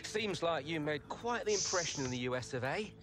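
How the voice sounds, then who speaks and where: A chummy British football agent. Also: male voice, a little high, lively intonation, brisk, fairly bright tone, soft background music. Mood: eager. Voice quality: chummy, slangy salesman patter. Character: upbeat male football agent, middle-aged. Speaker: football agent in a game cutscene.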